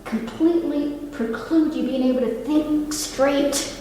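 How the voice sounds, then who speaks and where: A woman's voice: high-pitched, unhurried, mellow, a little hiss or hum. Older woman speaking in an echoey hall. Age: over 65. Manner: earnest, talks to the room with asides and questions. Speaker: nurse giving a talk. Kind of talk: public talk to an audience. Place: library meeting room. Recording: echoey hall, mic from a distance.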